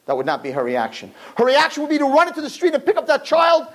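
Impassioned man preaching with a high voice. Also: huge pitch swings, fast talker, rough recording. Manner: swings from low murmur to high shouting; acts out dialogue in character voices. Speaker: religious teacher. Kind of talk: impassioned sermon to girls.

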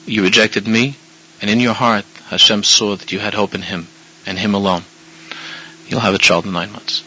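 A man's voice: on the low side, steady tone, normal speed, slightly rough. A man playing a fiery, stern old male Hasidic rebbe within a story he tells, in a dull lo-fi recording. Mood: gentle. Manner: harsh scolding turning gentle.

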